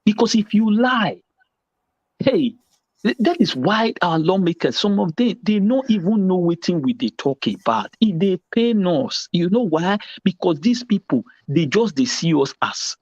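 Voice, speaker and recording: Nigerian man, exclamatory panelist, high-ish lively voice, dry muffled sound. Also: moderate pace, no room sound. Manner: emphatic, exclamatory, preachy. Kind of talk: animated pidgin commentary.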